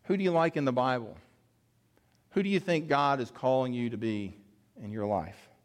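Man, pastor, sermon to fathers, earnest, emotional pauses, direct address. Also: mid-range voice, big-room sound.

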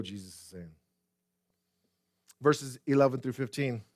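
Male pastor mid-sermon: high voice, asks his church pointed questions, dry close sound. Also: moderate pace, no echo. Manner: animated preaching with rhetorical questions and repetition; addresses the congregation directly.

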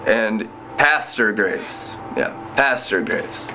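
Missionary man in his thirties, bright forceful voice, lively storytelling testimony. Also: on the low side, slow, hardly any pauses, a little hiss or hum. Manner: animated, laughs often while telling his story. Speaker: inner-city missionary and broadcaster. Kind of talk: personal faith testimony.

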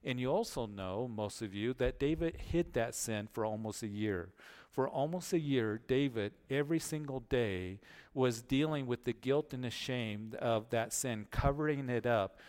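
A male pastor giving an earnest verse-by-verse Bible teaching, often repeating words and pausing on fillers as he explains. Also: mid-range voice, expressive, a little mellow.

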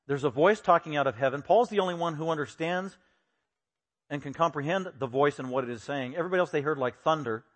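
Guy preaching a sermon, kinda high voice, gets loud and animated acting out the bits he quotes. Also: fast. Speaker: pastor. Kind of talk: expository sermon.

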